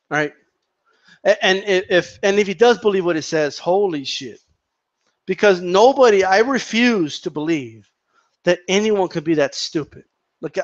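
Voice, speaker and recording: A man's voice: high-pitched, lo-fi sound. A man giving an opinionated, profane rant as a boxing commentator, repeating and tripping over his words.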